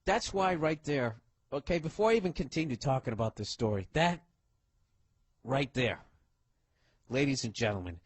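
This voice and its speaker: A man telling a profane story on stage as a stand-up comedian, loud and swearing, acting out the characters he talks about. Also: medium pitch, lively intonation, moderate pace, long pauses, breathy edge, dry recording.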